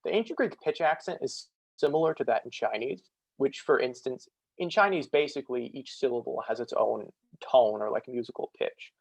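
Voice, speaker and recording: A young man giving a casual student presentation over a video call, full of fillers, slowing to demonstrate sounds. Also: medium pitch, expressive, gravelly, husky, dry recording, low-quality recording. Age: young adult. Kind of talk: online lecture on ancient Greek pronunciation.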